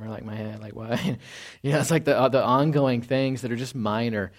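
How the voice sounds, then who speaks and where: Casual preacher man asking rhetorical questions. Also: medium pitch. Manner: casual, tags points with "right?" and rhetorical questions. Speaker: pastor. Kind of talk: conversational sermon.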